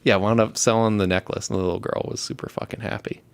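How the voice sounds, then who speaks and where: A man's voice: fairly low pitch, fairly even intonation, quick pace, clear, resonant tone, no room sound. A young man in casual, profane chat, rambling through stories and laughing as he talks. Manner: rambling, swears constantly, laughs while telling stories. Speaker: show host.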